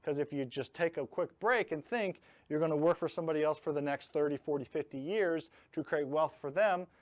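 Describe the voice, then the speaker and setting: Teaching real estate investing in a live online class, this host talks in a fairly high voice, a little fast. He's blunt and joking, leaning heavily on key words throughout the training talk.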